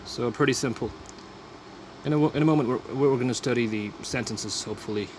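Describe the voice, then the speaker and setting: A man's voice: medium pitch, brisk, slight background noise. A man teaching vocabulary in a casual lesson, repeating each phrase and explaining the words plainly. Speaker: language teacher.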